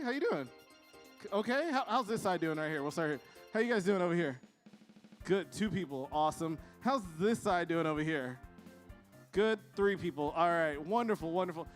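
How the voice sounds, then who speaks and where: A young adult man on high school ministry staff, co-hosting a youth service on stage, animated and teasing as he works the crowd.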